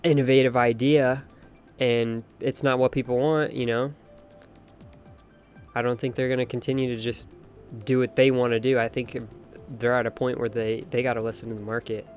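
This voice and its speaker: A young man with a mid-range voice and level tone hosts a late-night game stream at a moderate pace. Chatty and opinionated, he reads out chat while faint music plays behind him.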